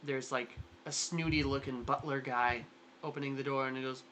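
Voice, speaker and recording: Bright-voiced rambling game master. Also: medium pitch, steady tone, moderate pace, slight background noise. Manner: rambling, lots of likes and restarts. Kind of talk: narrating a tabletop game.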